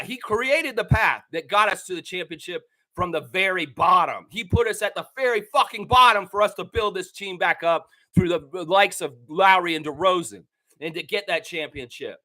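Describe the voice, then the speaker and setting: A man's voice: high voice, sharp tone. A man from Canada hosting a basketball fan show, ranting angrily with plenty of swearing. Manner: angry, profane, heated ranting. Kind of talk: ranting commentary.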